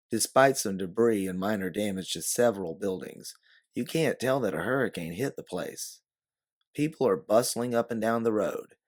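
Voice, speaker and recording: Low-voiced male storyteller. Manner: steady, descriptive storyteller. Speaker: narrator. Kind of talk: second-person audiobook narration.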